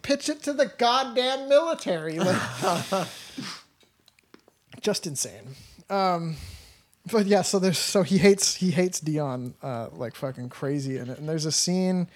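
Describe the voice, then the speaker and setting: A man's voice: high voice, lively intonation, takes it slowly. A man hosting a podcast, swearing freely and telling a movie story with acted-out quotes in casual chat.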